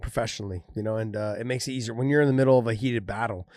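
A man's voice: lowish voice, fairly even intonation, rapid-fire, darkish tone, dry recording, clean studio sound. A man and former fighter chatting casually, acting out what he said mid-fight. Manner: storytelling, acting out quoted lines with laughs. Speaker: former fighter, podcast co-host. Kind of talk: casual chat.

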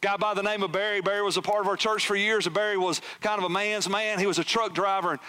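A man preaching a sermon as pastor, swinging from loud emphatic peaks down to hushed, near-whispered lines. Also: sits high, fairly even intonation, fast talker, clear, resonant tone.

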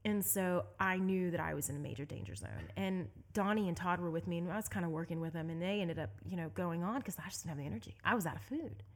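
A young woman from Southeast Texas telling a story as an interview guest, animated and laughing often. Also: fairly low pitch, fast, hardly any pauses. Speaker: guest, endurance bike racer.

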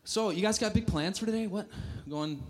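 A man's voice: high-pitched, moderate pace. A young man with a Southern US accent, a youth pastor preaching a sermon, chatty and joking with the congregation. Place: large church hall. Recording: echoey hall, mic at a distance.

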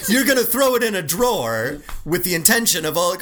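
A man's voice: sits high, sing-song, a little fast, a bit bright, a little hiss or hum. A man co-hosting a movie podcast, chatting casually and joking with rambling asides. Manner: jokey, rambling, laughs often. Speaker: podcast co-host.

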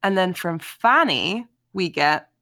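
A woman hosting a casual book discussion, talking in an animated, chatty way with frequent filler words. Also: on the low side, slow pace, no echo, clean studio sound. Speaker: podcast host.

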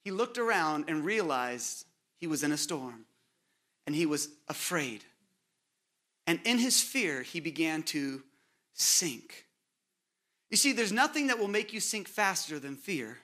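A man preaching a sermon as pastor, with dramatic pauses and repeated rhetorical buildups, dropping to a hush on scripture quotes. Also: fairly high pitch, very animated.

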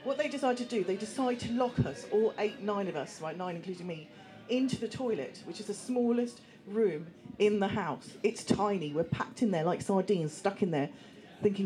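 A woman telling a personal story to a live audience, lively and acting out voices of other people. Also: mid-range voice, moderate pace, soft background music. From England. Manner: animated, acts out voices, laughs through the telling. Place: small venue room with an audience.

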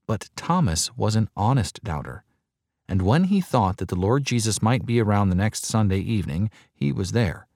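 Male preacher, sermon, earnest, measured, emphatic repetition, lowish voice, dry close sound. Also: animated, a little mellow, no room sound. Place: large hall before a crowd.

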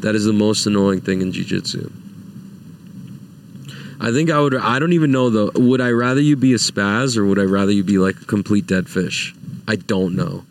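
A young man with a fairly low voice rants into the mic, exasperated and profane, jumping into loud, high outbursts. The sound is dry and close, with no room echo. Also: moderate pace, vocal fry. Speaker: vlogger. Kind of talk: casual rant to camera.

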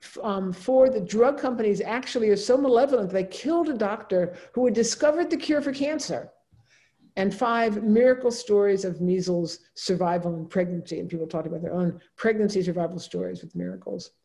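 A woman's voice: mid-range voice, brisk, mellow. A woman giving a lecture, talking her audience through slides in a loose, conversational way with frequent asides and fillers.

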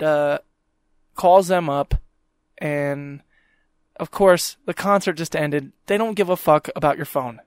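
A man's voice: on the high side, dry recording, studio quality. A young man hosting a podcast, ranting and swearing in an exasperated monologue. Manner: exasperated, swears constantly, mocks people in quoted voices. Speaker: podcast host.

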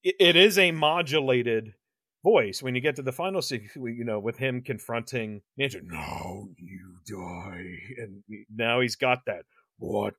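A man's voice: mid-range voice, moderate pace, fairly bright tone, no echo. A man co-hosting a podcast, chatting casually about a horror movie, rambling with lots of restarts and swearing. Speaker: podcast co-host. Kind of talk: casual movie review chat.

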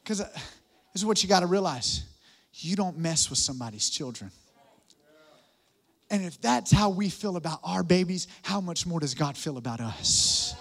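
A young man preaches to his congregation with a high-pitched voice. He is playful and animated, cracking jokes and talking straight to the crowd. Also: normal speed, creaky. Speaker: pastor. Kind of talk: sermon.

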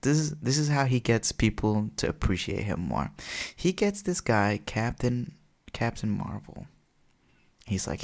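A young man co-hosting a podcast, telling jokey stories in an animated, casual way. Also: fairly low pitch, measured pace, gravelly. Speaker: podcast co-host. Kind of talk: casual chat.

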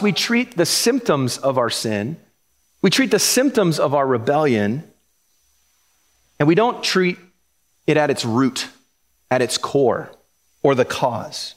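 A pastor preaching a conversational sermon, animated, often acting out quoted voices and repeating words as he builds a point. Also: sits high.

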